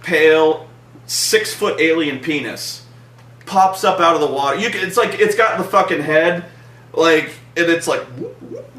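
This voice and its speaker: Man, profane comic film critic, bright and animated, echoey room, set back from the mic. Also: a little high, far from the mic. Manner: profane, animated, acts out scenes in mock voices. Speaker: movie reviewer. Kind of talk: casual comedic movie review chat.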